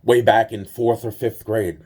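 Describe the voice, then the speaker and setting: A man's voice: fairly low pitch, fairly even intonation, measured pace, a little mellow, slightly rough. A man telling a personal story in a rambling, profane way, full of restarts and acted-out dialogue. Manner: acts out both sides of conversations.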